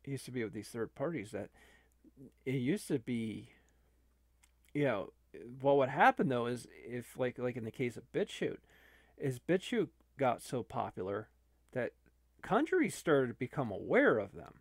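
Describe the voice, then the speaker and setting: A man's voice: medium pitch, big pitch swings, unhurried, dry recording, clean studio sound. A man, an online video creator, talking casually and rambling with many restarts.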